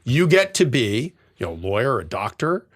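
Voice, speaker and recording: A middle-aged man talking as a podcast guest in casual chat, animated and profane, acting out the voices he quotes. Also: mid-range voice, normal speed. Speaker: podcast guest, divorce lawyer. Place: tent.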